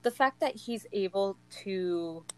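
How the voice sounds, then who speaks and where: Young woman, unhurried but excitable book-chat co-host, laughs a lot, leans on "like". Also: medium pitch, rough recording. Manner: gushing, laughs often, many "like" fillers. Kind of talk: casual chat.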